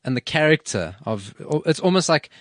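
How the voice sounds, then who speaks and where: A man's voice: fairly high pitch, big pitch swings, normal speed, dry recording, studio quality. A man hosting a casual radio chat, talking loosely with fillers and restarts. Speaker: radio host.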